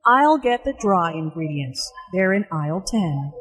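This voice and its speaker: A woman's voice: fairly low pitch, very animated, a little slow, fairly bright tone, breathy edge, big-room sound, exaggerated voice. A woman voicing a cheerful young woman shopping with a friend, in a scripted dialogue. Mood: friendly.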